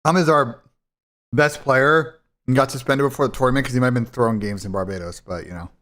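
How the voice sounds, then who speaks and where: A man's voice: mid-range voice, fairly even intonation, fairly quick, fairly bright tone. A man hosting a live esports watch party in casual, blunt, profane talk that rambles and restarts. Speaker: esports streamer and commentator.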